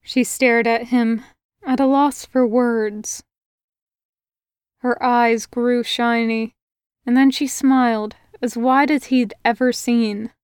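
A woman reads a fantasy story aloud at an unhurried, measured pace, her voice pitched a bit high. The recording is dry and close, with no room echo behind her. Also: fairly even intonation, clean tone. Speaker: podfic reader. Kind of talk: audiobook narration of fan fiction.

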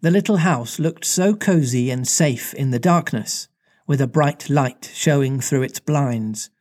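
A man's voice: mid-range voice, measured pace, a little mellow. A man reading a storybook aloud in a playful manner, breaking off for casual chat. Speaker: reader and co-host.

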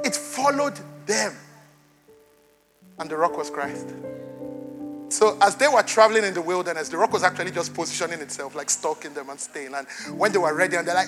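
A man preaching a sermon as pastor, chatty and playful with the congregation, then rising to loud, emphatic preaching. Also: high voice, fairly quick, faint music behind. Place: church.

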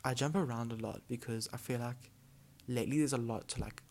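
A young man talks alone into his podcast in a loose, rambling way, packing in filler words. He slurs his words together a bit. His voice sits in an ordinary middle pitch. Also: brisk, darkish tone. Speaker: podcast host. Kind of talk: casual solo podcast chat.

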